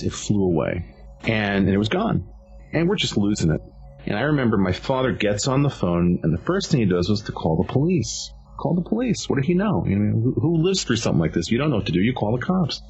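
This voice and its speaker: A man's voice: on the low side, a little mellow. A man recounting a dramatic sighting he witnessed, telling it as a vivid personal story with emphatic stresses and frequent restarts. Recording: dull lo-fi recording with faint music.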